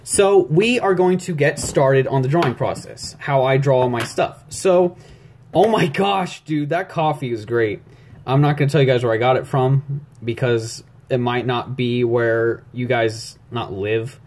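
A man's voice: mid-range voice, unhurried, a little mellow. A young man talking through an animation tutorial as he draws, rambling and jittery, mumbling to himself and joking at his own expense. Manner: rambling, jittery, self-deprecating, talks to himself while drawing. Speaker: YouTube animation tutorial maker. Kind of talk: casual screen-recorded tutorial. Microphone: phone recording.

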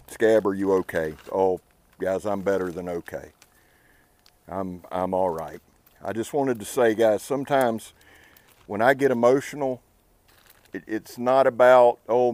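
A man's voice: fairly low pitch, darkish tone. A man hosting an outdoor channel, talking earnestly and casually to the camera beside a campfire. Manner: earnest, heartfelt, laid-back. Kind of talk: casual talk to camera by a fire.

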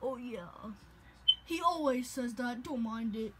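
A woman play-acting a plush-toy scene. She talks in an excitable, exclamatory way and often squeals or bursts into giggles. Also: on the high side, takes it slowly, noisy background. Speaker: toy video creator voicing plush characters.

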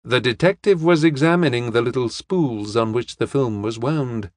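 A man narrating a detective novel as an audiobook in a steady, measured way. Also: medium pitch, dry recording, clean studio sound.

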